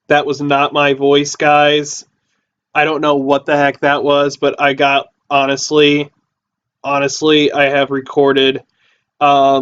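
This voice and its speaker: A man's voice: medium pitch, a bit bright. A man hosting a casual livestream from a basement, rambling and repeating himself with lots of fillers, recorded on a phone or computer mic. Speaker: livestream host. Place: house basement. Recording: dull lo-fi phone audio.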